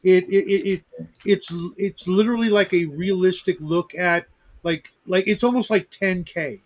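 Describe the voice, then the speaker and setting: A man's voice: high voice, moderate pace. A middle-aged man hosting a podcast in casual chat, rambling with stammering restarts. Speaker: podcast host.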